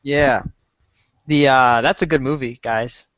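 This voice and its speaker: A man co-hosting a casual podcast, talking in a relaxed, halting way. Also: medium pitch, no echo, highs cut off. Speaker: podcast co-host.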